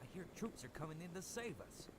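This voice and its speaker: A man voicing a hurried male research facility worker in a video game, urging the player to move. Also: fairly high pitch, sing-song. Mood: urgent.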